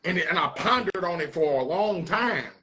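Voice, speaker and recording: A man's voice: high voice, animated, moderate pace, pushed and bright, low-quality recording. A man with a St. Louis accent hosting a casual debate, talking in long, winding explanations. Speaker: host.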